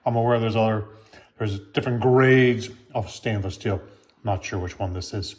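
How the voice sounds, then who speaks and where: A man's voice: on the low side, steady tone, fast talker, a little mellow. Folksy man reviewing a grill. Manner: folksy, chatty, addresses viewers as folks. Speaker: grill reviewer and channel host. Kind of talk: casual cooking review.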